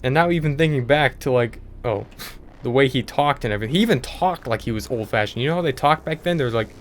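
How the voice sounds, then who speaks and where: A man's voice: mid-range voice, quick pace, slight background noise. A young man hosting a gaming channel, telling a story casually over gameplay, in a rambling way with lots of filler words.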